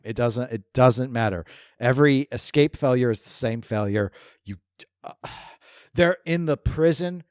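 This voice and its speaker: Lively, chatty male podcast host. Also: mid-range voice, normal speed, no room sound, studio quality. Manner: animated, rambling, chuckles while talking. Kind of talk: casual chat about video games.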